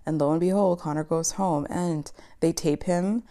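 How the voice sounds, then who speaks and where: A woman's voice: on the low side, fairly even intonation, normal speed, warm tone. A young woman from East Africa hosting a casual, chatty TV recap show, talking animatedly with frequent laughs and ums. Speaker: podcast host.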